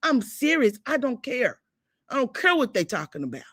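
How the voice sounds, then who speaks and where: Defiant older woman, lively and blunt. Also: high-pitched, normal speed, no echo, studio quality. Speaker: livestream host. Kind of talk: heated livestream talk.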